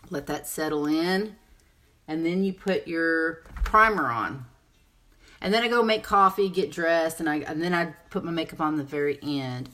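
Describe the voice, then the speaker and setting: Chatty woman with a low voice, rambling through a live makeup demo. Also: bright, forceful tone, slight background noise. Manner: chatty, rambling, answers viewer comments. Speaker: makeup seller and presenter. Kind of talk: casual live makeup tutorial.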